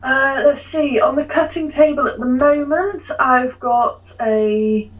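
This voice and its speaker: A woman's voice: sits high, slow pace, few pauses. Friendly Mancunian woman, slightly dull sound. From England. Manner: friendly, laughs easily, hesitant fillers. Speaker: guest, costume designer. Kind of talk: casual interview chat.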